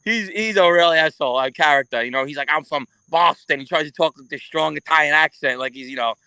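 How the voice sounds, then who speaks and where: A man talking as a guest in a casual, profane interview, telling stories in an animated way. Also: on the high side, quick pace, clean tone, no room sound. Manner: animated, swearing, storytelling.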